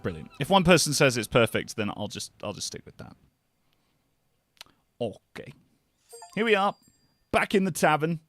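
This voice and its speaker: A man's voice: a little high, a bit bright, no room sound, studio quality. Joking, chatty male streamer. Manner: joking, self-deprecating, chatty with viewers. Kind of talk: casual game-stream chat. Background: game music.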